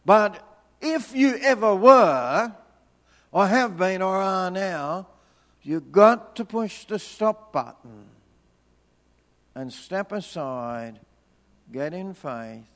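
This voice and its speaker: A male pastor delivers a sermon in a slow, deliberate voice with a gravelly texture and a slightly high pitch. He moves between animated storytelling and soft, quiet prayer. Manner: swings from lively storytelling to hushed, slow prayer.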